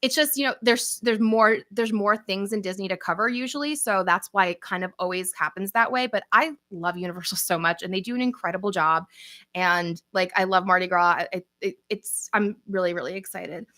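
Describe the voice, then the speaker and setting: A woman's voice: mid-range voice, a little fast, pushed and bright, no room sound, studio quality. A young woman from New York with a New York accent, chatting casually with viewers as host of a livestream Q&A, upbeat and often laughing. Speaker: channel host.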